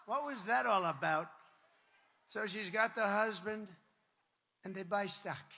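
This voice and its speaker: A man delivers a campaign rally speech into a podium mic, his voice high, gravelly and forceful. He talks emphatically, repeats lines for effect, drifts into asides, and now and then breaks into a shout. The sound rings with the long reverb of a big rally venue. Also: a little slow, slight background noise. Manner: emphatic, repetitive, rambling asides, bursts of shouting. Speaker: political candidate addressing supporters. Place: large rally venue with crowd.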